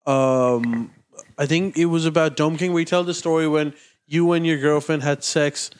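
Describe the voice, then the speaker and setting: Male podcast co-host, high voice, relaxed storyteller. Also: moderate pace, clean tone. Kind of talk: casual banter.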